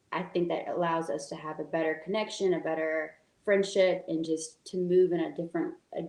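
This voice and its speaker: A woman's voice: low-pitched, vocal fry, a little mellow. A woman in her twenties, a guest founder, speaking earnestly with lots of fillers like "you know" and "like". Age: 20s. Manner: earnest, filler-heavy, emotional. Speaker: guest, youth group founder. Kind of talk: casual interview talk. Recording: echoey room.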